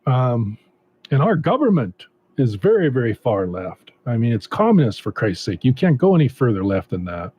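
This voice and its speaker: A man doing a stand-up comedy routine with a deadpan, unhurried delivery and hesitant fillers, on a dull lo-fi recording. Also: mid-range voice, slightly rough.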